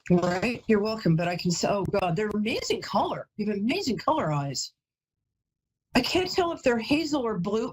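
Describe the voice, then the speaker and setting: A psychic medium runs a live call-in reading, her fairly high voice carrying a breathy edge. She's chatty and emotional and frequently interrupts her own sentences to apologize. The recording is low quality.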